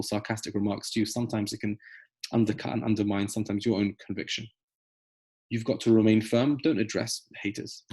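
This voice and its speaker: A man's voice: on the low side, dark tone, husky. A man teaching a close reading of a scriptural text, emphatic and explaining step by step with rhetorical questions. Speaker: Torah teacher. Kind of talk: text study lesson.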